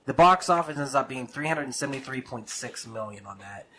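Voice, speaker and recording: A man chatting on a podcast, telling a story animatedly and cursing freely. His voice is bright and forward. A faint hiss sits under the recording. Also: medium pitch, brisk. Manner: animated storyteller, swearing, acting out quotes. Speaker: podcast co-host. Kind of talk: casual podcast chat.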